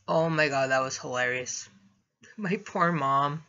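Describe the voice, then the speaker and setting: A woman's voice: deep voice, expressive, a little slow, pushed and bright, highs cut off. A young adult woman vlogging, telling a personal story in a rambling, casual way and laughing through it.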